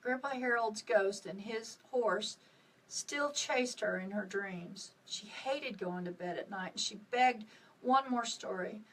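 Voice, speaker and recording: A woman author reading her own novel aloud on a live stream, with expressive dips and rises. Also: mid-range voice, takes it slowly, distant mic, rough recording. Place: at home on a live video stream.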